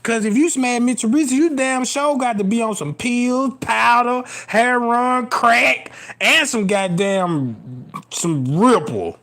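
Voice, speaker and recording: High-voiced man in a profane comic rant. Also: slow pace, a bit bright. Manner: profane, rambling, keeps asking "you know what I'm talking about"; laughs at his own jokes.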